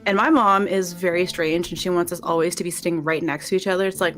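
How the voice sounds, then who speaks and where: A woman from New Mexico telling a story on a livestream, animated, acting out quotes and laughing through it. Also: fairly low pitch, quick pace, hardly any pauses. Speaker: guest.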